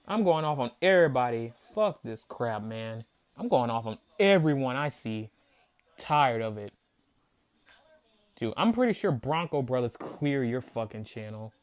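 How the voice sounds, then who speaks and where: Speaking at a measured pace, this man has a clear, resonant voice of medium pitch with big swings. Hosting a sports reaction video, he rants like an outraged fan, cursing in mocking disbelief and repeating himself to drive points home.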